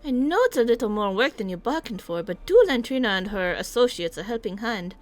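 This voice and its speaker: A woman voicing a gentle, nurturing leader in a game read-along, speaking in a warm, encouraging way. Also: fairly high pitch, animated, fairly quick, close to an everyday voice. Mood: kind. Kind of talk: reading game dialogue aloud.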